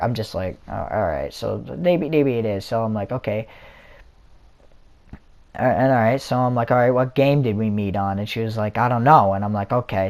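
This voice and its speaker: A young man rambles through a story in a casual vlog, stumbling over restarts and fillers. His voice sits a little low, like a headset chat. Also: a little mellow. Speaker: vlogger. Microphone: console or headset mic.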